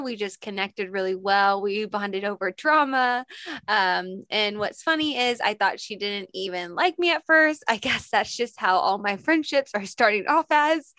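A woman hosts a podcast in a relaxed, bubbly way, laughing easily as she talks. Her pitch sits in a middle range. The recording is dry and close. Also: clean tone, dry recording. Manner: bubbly, chatty, laughs often. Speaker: podcast host. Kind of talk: casual chat.

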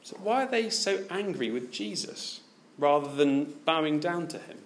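A man's voice: a little high, expressive, normal speed. A man preaching a sermon, asking his listeners many direct questions.

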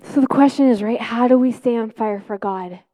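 A woman pastor preaching a personal testimony, telling stories with lively acted-out quotes and easy laughs. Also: on the high side, moderate pace. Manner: animated storytelling, acting out quotes.

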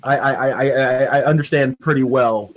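A man in casual conversation, playful and quick to laugh. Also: medium pitch, steady tone, rough recording. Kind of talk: casual chat.

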